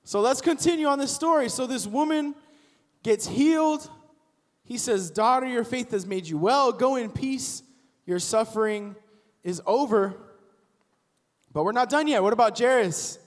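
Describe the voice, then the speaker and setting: A young man giving a casual, animated youth sermon as a youth pastor, acting out the people in the story as he goes. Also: very high voice, a little slow, long pauses. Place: church auditorium. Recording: long hall reverb.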